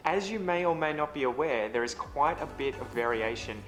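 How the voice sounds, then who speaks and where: A man's voice: mid-range voice, lively intonation, a little fast, fairly bright tone. An Australian man presenting as an English teacher, upbeat and addressing viewers directly. The room is echoey, with faint music behind. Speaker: English teacher and online host. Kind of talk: scripted video presenting.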